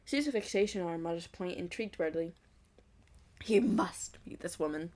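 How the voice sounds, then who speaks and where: A woman's voice: fairly low pitch, moderate pace, darkish tone. A young woman reading a fan fiction aloud, breaking off into giggly, mocking asides. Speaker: fanfic reader.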